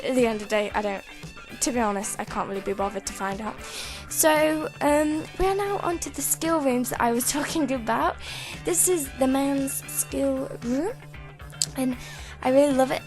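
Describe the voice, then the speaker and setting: A British woman with a high-pitched voice chats loosely to her computer while showing off a game build, restarting her sentences and giggling as she goes. Faint music plays softly in the background. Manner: rambling, self-interrupting, giggly. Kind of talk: casual gameplay commentary. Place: at home at a computer.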